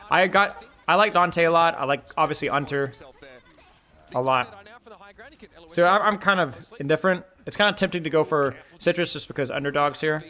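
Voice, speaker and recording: Bright-voiced young man bantering with chat. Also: on the high side. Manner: animated, joking, talks straight to chat. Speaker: streamer co-streaming an esports match. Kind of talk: casual live-stream commentary and chat banter.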